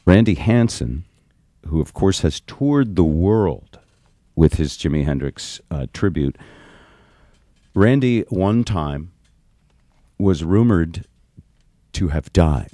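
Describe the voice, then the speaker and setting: A man's voice: deep voice, expressive, slow, pauses often, warm tone, no room sound, studio quality. A man hosting a radio show in casual chat, prompting his guest and wrapping up with promos. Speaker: radio host.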